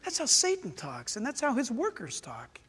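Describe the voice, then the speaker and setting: Animated high-voiced male preacher. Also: moderate pace. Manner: animated, acts out voices, swings loud and soft. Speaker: pastor. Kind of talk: sermon. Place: church sanctuary. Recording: long church hall reverb.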